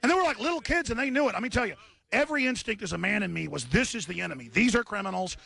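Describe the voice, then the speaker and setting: A man's voice: high voice, expressive, rapid-fire, creaky, pushed and bright. An agitated man hosting a live radio show, worked up after a scuffle, emphatic and repeating himself as he recounts what happened. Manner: emphatic, repeats words, restarts often. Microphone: studio radio mic.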